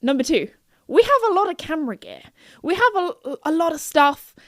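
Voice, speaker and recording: A woman's voice: very high-pitched, sing-song, normal speed, dry recording, clean studio sound. A young British woman hosting a podcast, chatting casually and rambling with lots of self-corrections and giggles. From United Kingdom. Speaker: podcast host. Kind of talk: casual solo chat.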